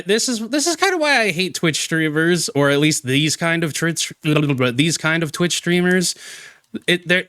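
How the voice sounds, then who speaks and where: A man's voice: fairly high pitch, fairly bright tone, smooth, dry recording, clean studio sound. A man giving exasperated reaction commentary on a streamer, ranting with many restarts.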